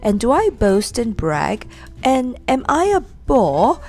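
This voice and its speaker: A woman's voice: a little high, big pitch swings, takes it slowly, a little mellow, pitched above the performer's own voice, full character voice. A woman voicing a spoiled, vain girl doll who sulks and pleads. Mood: pleading. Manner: sulky, pleading.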